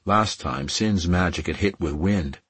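A man reading romance fiction aloud as an audiobook narrator, in a measured, softly emotive way. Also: low-pitched, husky, no echo.

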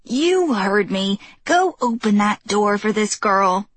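A woman's voice: mid-range voice, expressive, slow, husky, no echo. A woman voicing a frail, skinny older woman who bluntly scolds and snaps orders at her neighbors. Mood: scolding.

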